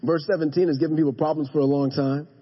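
High-voiced husky preacher. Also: male voice, steady tone, fast talker, highs cut off. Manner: dynamic preaching, drops to a hush then rises to emphatic calls; addresses the congregation directly. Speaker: pastor. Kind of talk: sermon. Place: church sanctuary.

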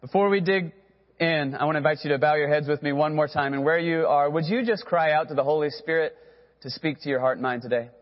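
A man's voice: fairly high pitch, fast talker, big-room sound, muffled recording. A man preaching a sermon as pastor, earnest and direct, who has the congregation repeat phrases after him.

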